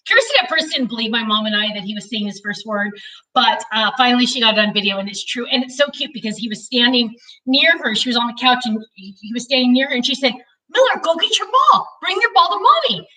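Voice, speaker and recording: A woman in her thirties chats through a live craft stream, and she talks loudly because she has no mic. Her voice is high and bright. She is picked up from across an indoor studio. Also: fast. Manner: chatty, self-deprecating, talks loudly to reach distant cameras. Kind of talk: casual live-stream chat. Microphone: no mic, cameras far away. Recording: distant, unmiked room sound.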